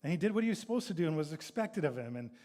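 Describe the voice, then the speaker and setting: Here a male pastor races through his sermon in a slightly high, very animated voice with a dark tone. After reading scripture he retells it, sometimes acting out the sons' complaints loudly.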